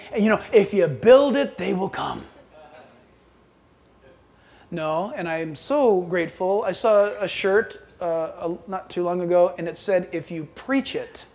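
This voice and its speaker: Preacher man swinging from loud to hushed. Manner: swings between loud bursts and hushed low asides. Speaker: pastor. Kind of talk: sermon.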